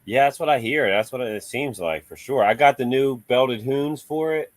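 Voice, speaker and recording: A man's voice: medium pitch, moderate pace, no echo. A man in casual chat about remote-control cars, laid-back and chatty, laughing often.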